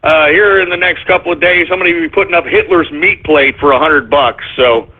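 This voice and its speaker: A man hosting an internet radio show, telling a rambling, profane story and running listener shout-outs. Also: on the high side, a little fast, slight background noise. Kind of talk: rambling anecdote and show segments. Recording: husky phone-like lo-fi audio.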